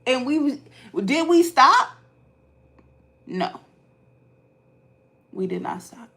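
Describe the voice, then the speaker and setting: A woman vlogger from Ohio, telling stories casually to her live chat and swinging from hushed asides to loud outbursts. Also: high voice, big pitch swings, extremely slow, gravelly.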